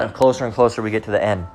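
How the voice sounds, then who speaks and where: A man's voice: fairly low pitch, fast talker, a little mellow, faint music behind. A man preaching in a loose, rambling way, constantly saying "all right" and speaking bluntly with profanity. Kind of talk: informal religious teaching monologue.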